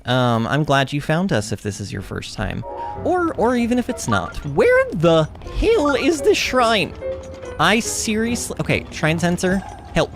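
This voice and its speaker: A chatty woman livestreams a game, and her pitch bounces up and down as she talks to her viewers. Game music plays clearly behind her. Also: big pitch swings, moderate pace. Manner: chatty, bubbly, full of fillers and restarts. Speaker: game streamer. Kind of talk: casual livestream chat while playing.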